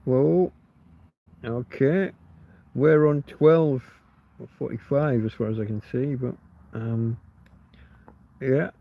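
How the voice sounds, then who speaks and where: A man's voice: medium pitch, takes it slowly, vocal fry, long pauses. A man from England, hosting a rambling live chat and talking to himself as he works things out. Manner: musing, self-interrupting, easily puzzled. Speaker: livestream host. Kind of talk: rambling live chat, reading comments aloud. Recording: slightly dull, lo-fi stream audio.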